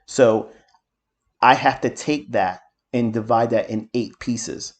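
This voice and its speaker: A middle-aged man talks through his market commentary at a mid-range pitch. He is blunt and profane, and he drifts into boastful, heated asides. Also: slow pace. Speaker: trading mentor.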